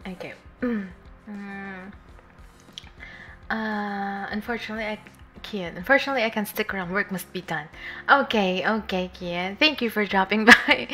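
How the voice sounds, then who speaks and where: A woman's voice: mid-range voice, measured pace. A woman streaming a game, chatting casually with her viewers, giggling often and sometimes reading the game's lines aloud. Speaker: VTuber streamer. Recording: faint music underneath. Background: soft game music.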